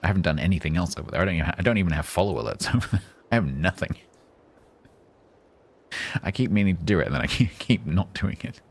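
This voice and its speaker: A man's voice: low voice, fast talker, long pauses, breathy edge. A man streaming a game live, chatting casually in a rambling, self-mocking, joking way.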